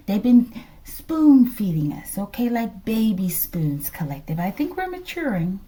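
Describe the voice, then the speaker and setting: Lively-voiced woman reading tarot. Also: mid-range voice, measured pace. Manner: chatty, drops into whispers, laughs often. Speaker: tarot reader.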